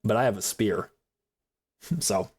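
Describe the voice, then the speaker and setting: A man's voice: on the low side, animated, takes it slowly, darkish tone, husky. A man streaming a survival game live, rambling on in casual commentary and laughing often, a self-described yapper. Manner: chatty rambler, calls himself a yapper.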